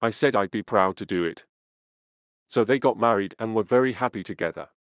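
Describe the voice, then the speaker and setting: Low-pitched male narrator, dry studio read, steady and earnest first-person memoir delivery. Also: fairly quick, dry recording. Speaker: audiobook reader.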